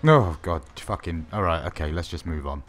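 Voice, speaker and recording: Sarcastic man with a lowish voice. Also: animated, moderate pace. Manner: wry, sarcastic, swears often; shouts when startled. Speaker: gaming video host. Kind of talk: let's play commentary.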